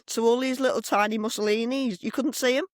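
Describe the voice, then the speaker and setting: A middle-aged woman, co-hosting a podcast and telling stories in a blunt, animated way with plenty of swearing. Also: fairly high pitch, a little fast, no echo, clean studio sound. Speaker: podcast co-host. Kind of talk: casual chat. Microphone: desk microphone.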